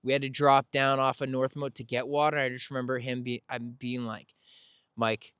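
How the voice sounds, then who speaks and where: A man's voice: mid-range voice, flat delivery, fairly quick, fairly bright tone, smooth, dry recording, studio quality. A man hosting a podcast, telling a casual, rambling story, correcting himself and laughing as he goes. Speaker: podcast host.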